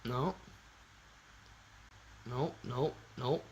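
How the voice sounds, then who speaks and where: A man hosting a casual livestream, reading viewer super chats aloud in a slangy, excitable way with sudden loud bursts. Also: medium pitch, extremely slow, highs cut off, a little hiss or hum. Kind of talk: casual live-stream chat.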